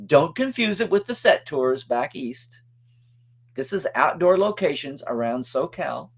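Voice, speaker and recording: A man's voice: a little high, animated, unhurried, vocal fry, husky. A man hosting a casual weekly web show, chatty and upbeat, with plugs and thank-yous to supporters. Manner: chatty, upbeat, reads out supporter shout-outs. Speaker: show host.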